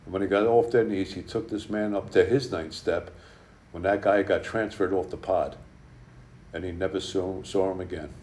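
A man's voice: sits low, steady tone, normal speed, darkish tone, echoey room, a little hiss or hum. A man speaking at a recovery meeting, telling a personal story to the group in a blunt, conversational way with lots of fillers.

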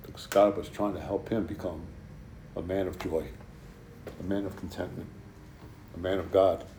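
A man's voice: low voice, steady tone, moderate pace, warm tone, roomy sound, slight background noise. A man speaking at a recovery meeting, telling a personal story to the group in a blunt, conversational way with lots of fillers.

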